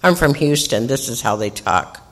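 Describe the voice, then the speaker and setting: A woman voicing a blunt older aunt from Texas with a low, hushed drawl. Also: expressive, moderate pace. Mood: offhand. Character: blunt older Texan aunt, offhand and matter-of-fact.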